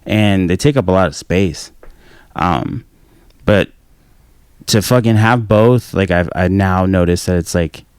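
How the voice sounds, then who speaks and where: A man's voice: low voice, a little slow, a little mellow, smooth, no echo, studio quality. A man in his thirties in a casual podcast chat, rambling and swearing freely. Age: 30s. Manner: profane, rambling, laid-back. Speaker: podcast host.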